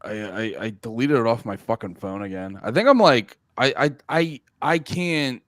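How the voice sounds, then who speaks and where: A man's voice: medium pitch, normal speed, no room sound, studio quality. A man in his thirties co-hosting a casual podcast, rambling and swearing freely, often restarting his sentences. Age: 30s. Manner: rambling, animated, swears a lot, stammers on restarts. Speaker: podcast co-host. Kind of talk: casual chat.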